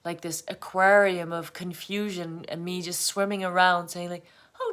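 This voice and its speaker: Slow-spoken woman musing to camera. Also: on the low side, steady tone, fairly bright tone. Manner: rambling, laughs often while talking. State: emotional, close to tears. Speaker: vlogger. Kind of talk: confessional casual monologue.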